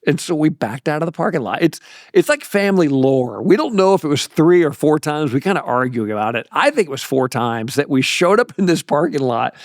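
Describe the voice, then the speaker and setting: A man's voice: a little high, no room sound. Middle-aged guy telling a folksy story, voice jumps all over, dry close mic. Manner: animated, folksy, laughs through anecdotes. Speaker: pastor. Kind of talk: personal storytelling. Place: podcast studio.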